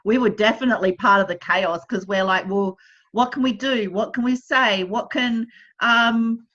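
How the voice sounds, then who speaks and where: A woman hosting a podcast, chatting in a warm, sympathetic, conversational way over a remote link. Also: fairly high pitch, normal speed. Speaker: podcast host. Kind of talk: casual chat. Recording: dull lo-fi remote audio.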